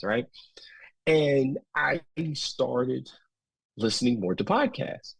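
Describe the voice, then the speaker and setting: A man in his thirties with a Southern US accent, a podcast guest telling folksy, animated stories in casual interview talk. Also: medium pitch, slow, creaky, pauses often, breathy edge, no echo, rough recording. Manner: folksy, animated, quotes others in lively voices. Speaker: podcast guest, school administrator.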